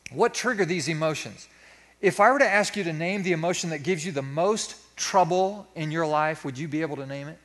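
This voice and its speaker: A man's voice: on the high side, a little fast, a bit bright. A middle-aged male pastor preaching a sermon in a folksy, self-deprecating way, acting out his own inner thoughts.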